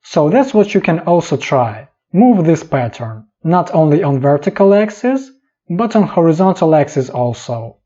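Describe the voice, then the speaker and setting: A man narrating a step-by-step software tutorial in calm, clipped instructions. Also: on the high side, moderate pace. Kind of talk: step-by-step screen tutorial voice-over. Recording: dull lo-fi voice-over.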